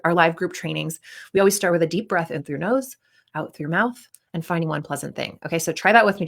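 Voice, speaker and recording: Lady coach chatting about athlete nerves, slightly low voice, acts out little inner voices. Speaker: confidence coach.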